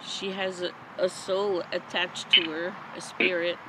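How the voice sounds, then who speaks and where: A paranormal investigator questions spirits in the woods by a busy road at night, her lowish voice level in tone. She comes across as jittery yet unhurried, keeping her questions short, while passing traffic fills the outdoor recording.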